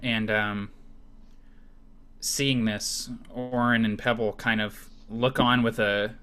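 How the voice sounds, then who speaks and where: A man playing a tabletop game, gently describing his character's actions with hesitations. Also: fairly low pitch, flat delivery, takes it slowly, smooth. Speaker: player. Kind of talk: casual game narration.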